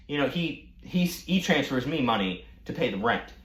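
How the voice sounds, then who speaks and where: A man telling a casual storytime rant, animated, mocking and full of profanity. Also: fairly high pitch, normal speed, echoey room. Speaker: storytime vlogger.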